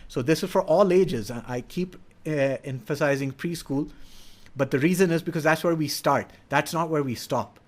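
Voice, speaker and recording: A man's voice: fairly high pitch, normal speed. A middle-aged man explaining child development in an earnest, instructive way, sometimes acting out what a parent or child would say. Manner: earnest, acts out parent-child dialogue in quoted voices. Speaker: educator speaking on child development. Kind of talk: explanatory talk.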